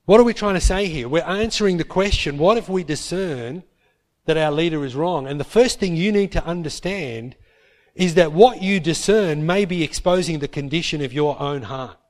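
Man, sermon, storytelling preacher, higher-pitched voice. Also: normal speed. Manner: lively storytelling, acts out biblical characters in quotes. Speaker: pastor.

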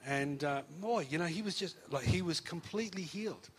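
A man's voice: fairly high pitch, fairly quick, husky. A man, preaching and telling a testimony story, acting out the voices of the people in it. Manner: animated, acts out quoted voices.

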